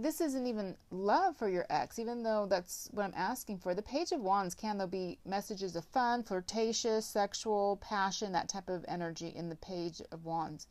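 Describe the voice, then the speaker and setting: A woman's voice: mid-range voice, darkish tone. A woman giving a casual tarot reading, rambling with lots of filler words and some blunt swearing. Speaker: tarot reader.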